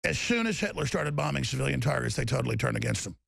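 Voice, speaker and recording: Gravelly, heated ranting man. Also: medium pitch, expressive, fast, a bit bright, no room sound, studio quality. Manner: heated, emphatic, mocking. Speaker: political commentator. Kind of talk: angry political rant.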